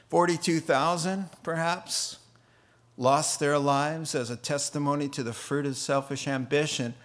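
A middle-aged man preaching a sermon, animated and often laughing as he mimics accents to make his point. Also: medium pitch. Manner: animated, laughing, putting on funny accents for examples. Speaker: pastor.

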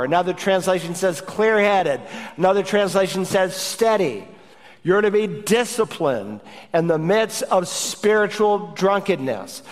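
A man's voice: high voice, big-room sound. A middle-aged man, a pastor, preaching a sermon with emphatic, urgent exhortation.

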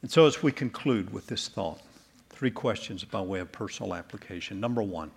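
A male pastor delivering an earnest sermon in a church, closing in soft prayer. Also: lowish voice, lively intonation, a little fast, gravelly, breathy edge.

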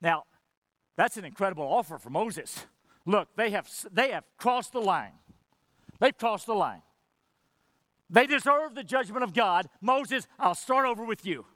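A man's voice: high-pitched, animated, a little slow, pauses often, pushed and bright, dry recording. A man preaching a sermon with passion, acting out quoted dialogue and dropping to near whispers for emphasis. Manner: impassioned preaching with dramatic drops to near whisper; acts out quoted dialogue between God and Moses. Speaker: pastor.

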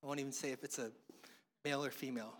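A man's voice: medium pitch, steady tone, racing, a bit bright, long reverb tail. A middle-aged man from the United States preaching a sermon in a conversational way, weaving in humorous family stories. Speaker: pastor.

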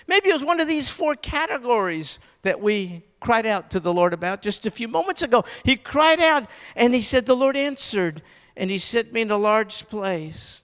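A man preaching a sermon, stressing points by repeating words and swinging between loud urgency and quiet intensity. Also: high voice, clear, resonant tone, in a large hall. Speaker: pastor.

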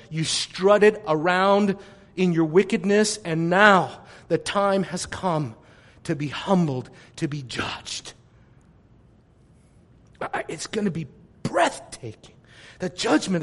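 High-voiced impassioned male preacher. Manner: impassioned preaching, swinging from loud declarations to hushed near-whispers. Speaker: pastor. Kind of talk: sermon.

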